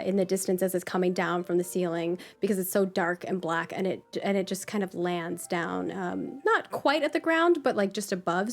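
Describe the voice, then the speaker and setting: A woman with a medium-pitched voice runs a tabletop game as game master. She describes the scene cheerfully and ramblingly, full of ums and likes.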